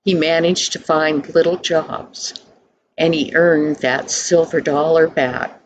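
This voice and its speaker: An older woman narrating a storybook tale in a soft, hushed, unhurried way. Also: deep voice, fairly even intonation, a little hiss or hum, poor audio.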